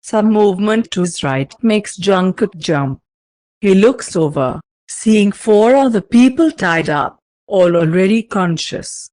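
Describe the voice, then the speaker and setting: A woman reading fan fiction aloud as narrator, in slow, even storytelling. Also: mid-range voice, no room sound.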